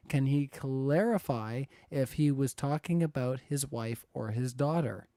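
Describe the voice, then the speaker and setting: A man's voice: mid-range voice, steady tone, moderate pace, few pauses, dark tone, clean tone, no echo, clean studio sound. A man hosting a live-stream debate, reading viewer messages aloud and laughing often. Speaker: debate moderator reading donations. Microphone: close to the mic.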